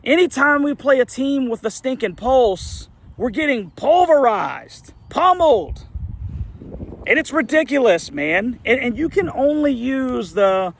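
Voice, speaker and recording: A middle-aged man rants with a raised, gravelly voice, full of exasperation. He fires off rhetorical questions as an angry sports fan commentator, heated from start to finish. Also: high-pitched, lively intonation, normal speed.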